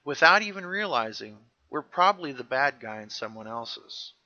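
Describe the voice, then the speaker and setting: Guy on a podcast, bright tense voice, kinda lo-fi dull sound, retelling an episode. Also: medium pitch, moderate pace, no room sound. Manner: animated, jumps into character voices when quoting. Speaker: podcast co-host recapping a show. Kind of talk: casual chat, retelling scenes with quoted lines.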